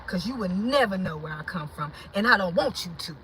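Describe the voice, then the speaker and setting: A woman hosting her own channel, talking to viewers in an impassioned, preachy way that swings from shouting to low, muttered asides. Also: animated, fairly quick, breathy edge, rough recording. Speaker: channel host. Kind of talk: impassioned livestream talk.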